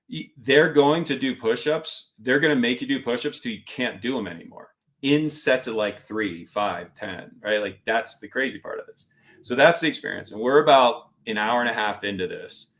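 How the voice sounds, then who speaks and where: A middle-aged man telling a story in casual conversation as a podcast guest, animatedly acting out the voices of others. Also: on the low side. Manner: animated, acts out instructors' lines in quotes.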